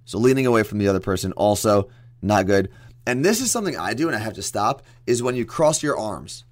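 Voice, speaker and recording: A young man co-hosting a radio show, joking and chatting quickly with his co-host. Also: lowish voice, lively intonation, no echo. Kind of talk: casual radio banter.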